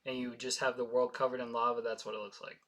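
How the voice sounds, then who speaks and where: A man co-hosting a casual anime recap, talking in a halting way with frequent restarts. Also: medium pitch, little pitch movement, a bit bright. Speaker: podcast co-host.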